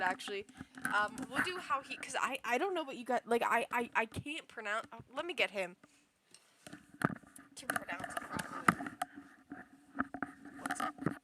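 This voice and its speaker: A woman's voice: fairly high pitch, expressive, moderate pace, pauses often, pushed and bright, slight background noise. A young woman livestreaming, chatting casually in a rambling way, full of fillers and restarts. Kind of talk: casual chat.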